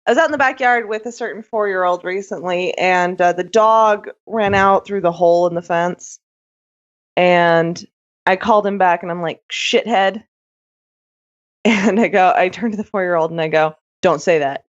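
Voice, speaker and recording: A woman's voice: lowish voice, moderate pace. Storytelling woman, slightly dull sound. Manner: storytelling, laughs often. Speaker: podcast co-host. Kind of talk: casual chat.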